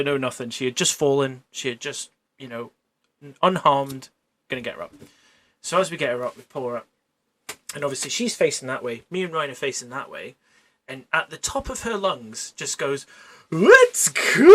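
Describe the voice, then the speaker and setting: A man, a paramedic, telling work stories in casual chat, animated and laughing, with the odd swear word. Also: mid-range voice, a little hiss or hum. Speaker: paramedic guest.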